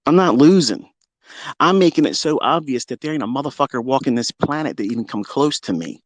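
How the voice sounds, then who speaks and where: A man hosting a live audio stream, delivering a heated, profane and boastful rant that swings between loud outbursts and low muttering. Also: expressive, fairly quick, no echo. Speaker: trading educator and Twitter Space host.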